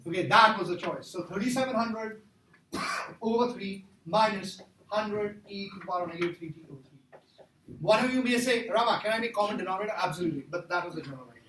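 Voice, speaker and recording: High-voiced man teaching math, echoey classroom. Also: bright, forceful tone. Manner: joking, quizzes the class. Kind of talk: classroom lecture. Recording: echoey room from far off, faint noise.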